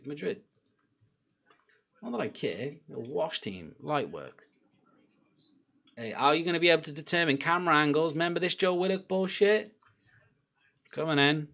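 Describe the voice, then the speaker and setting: A young man chatting casually during a live football watchalong, laughing and bursting out loudly at chances. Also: on the high side. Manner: excitable, laughing, loud outbursts at chances. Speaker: football fan streamer.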